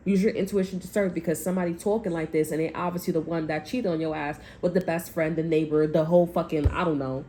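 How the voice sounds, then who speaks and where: A woman's voice: low voice, fairly even intonation, fast, hardly any pauses, mellow, slight background noise. A woman giving a casual tarot reading, blunt and rambling, with heavy swearing and frequent repetition. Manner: rambling, repeats herself. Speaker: tarot reader.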